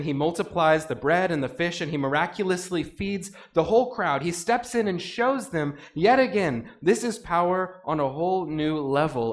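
Animated preacher man, fairly high voice. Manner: animated, acts out quoted voices with rising intensity. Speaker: pastor. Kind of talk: sermon.

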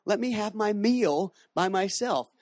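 A man's voice: high voice, animated, a little slow, a little mellow, dry recording, clean studio sound, pitched above the performer's own voice. A man voicing a poor widow who sharply and incredulously scolds a stranger asking for her food. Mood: indignant. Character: indignant poor widow woman, defensive.

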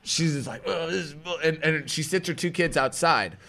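A man telling a story on a podcast in a loose, animated way. He slips into other people's voices and swears casually as he goes. His voice sits a little high for a man. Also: normal speed.

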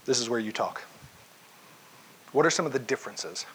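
A man's voice: medium pitch, animated, moderate pace, a bit bright, a little hiss or hum. A man preaching a conversational sermon, asking his listeners questions and acting out the lines of the story. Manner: conversational, questions the audience, acts out quotes. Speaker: pastor. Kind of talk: interactive sermon.

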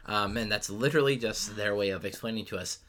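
A man with a very low, forceful voice talks loosely through a film's plot, stumbling over fillers and restarts and dropping the odd swear. He turns animated and louder as the story heats up, a casual podcast co-host. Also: quick pace, a little hiss or hum. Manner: animated retelling with sudden loud bursts. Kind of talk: casual chat recapping a movie.

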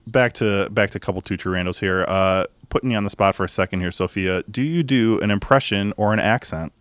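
A man's voice: on the low side, a little fast, a bit bright, no room sound. A man hosting a casual podcast, enthusiastic and often restarting his sentences. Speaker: podcast host.

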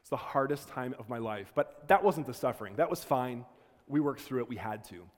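A man's voice: medium pitch, expressive, a little fast. A man lecturing to students, telling a personal story in an earnest, conversational way with frequent restarts. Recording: long hall reverb.

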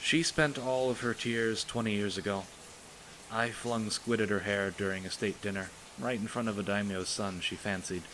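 A man reading aloud and voicing a young princess, a steady older sister who speaks softly and comfortingly. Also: lowish voice, moderate pace, slight background noise, lightly acted, poor audio. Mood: gently comforting. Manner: soft, comforting, coaxing.

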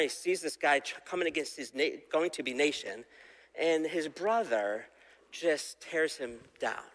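Retelling a Bible story in a conversational sermon, this preacher quizzes his listeners and voices the characters he quotes. He has a slightly high, fairly bright voice, and the sound has a big-room quality.

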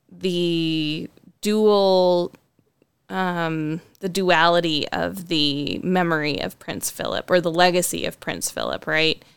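A woman chats casually and thoughtfully, often hedging with "um" and "like". Her voice is slightly low and very clear. It is recorded close and dry, with no room sound. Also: no room sound. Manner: thoughtful, hedging with frequent ums and likes. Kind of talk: casual conversational chat.

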